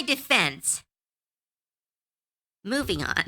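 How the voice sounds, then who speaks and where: A woman's voice: lowish voice, very animated, a little slow, bright, forceful tone. A woman streamer in casual livestream chat, giggly, chatty and self-deprecating.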